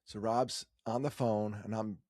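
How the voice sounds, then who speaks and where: A man's voice: fairly low pitch, steady tone, measured pace, warm tone, no echo, studio quality. A man in his fifties from New York, telling a personal story in a chatty way with joking asides.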